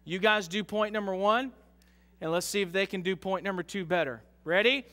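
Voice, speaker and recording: A man preaching an interactive sermon in a church, joking with the congregation and rising to slow, loud emphasis. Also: high-pitched. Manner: jokes with the congregation, leads call-and-response reading. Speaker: pastor. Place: church sanctuary. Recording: long hall reverb.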